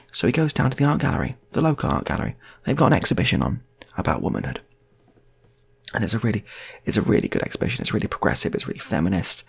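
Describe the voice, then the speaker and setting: Gravelly man telling rambling stories. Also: fairly low pitch. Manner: rambling, repeats himself, laid-back. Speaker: storyteller. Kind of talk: improvised comic storytelling.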